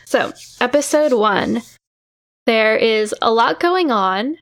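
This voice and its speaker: A woman's voice: a little high, animated, takes it slowly, fairly bright tone. A woman co-hosting a casual podcast, recapping a TV episode in a laid-back, sarcastic way, with some swearing. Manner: laid-back, sarcastic, swears, quotes characters in mock voices. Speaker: podcast co-host recapping a drama. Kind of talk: casual chat.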